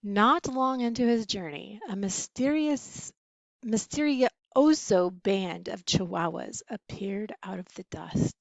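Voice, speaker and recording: A woman teacher reads a bedtime story aloud, her delivery slow and expressive. The recording is dry and a little dull, with no room echo. Her pitch sits in a middle range. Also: gravelly. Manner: expressive, animated reading.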